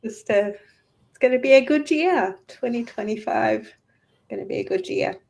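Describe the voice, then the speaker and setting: A woman's voice: a little high, normal speed, creaky, darkish tone. A woman speaking as a guest on a casual livestream, heartfelt and thankful, close to tears. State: emotional, near tears.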